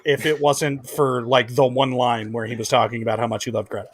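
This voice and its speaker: A man's voice: medium pitch, little pitch movement, brisk. A man co-hosting a casual chat, dry and steering the talk along. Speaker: co-host.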